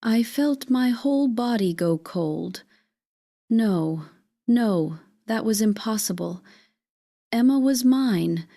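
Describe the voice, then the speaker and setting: A woman giving a measured, scripted first-person dramatic narration as a storyteller. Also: on the high side, expressive, dark tone, no room sound, clean studio sound.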